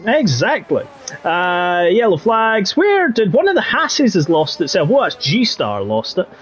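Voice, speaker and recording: A man's voice: high voice, huge pitch swings, measured pace, fairly bright tone. A man with a Yorkshire accent commentating a racing game live, chatty and jokey. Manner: chatty and jokey, drifting into banter. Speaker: league race commentator.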